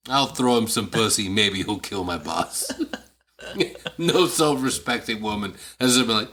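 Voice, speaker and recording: A man's voice: medium pitch, animated, moderate pace, bright, forceful tone. A man co-hosting a casual podcast in a studio, making crude, self-deprecating jokes and laughing often. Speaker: podcast co-host. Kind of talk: casual chat.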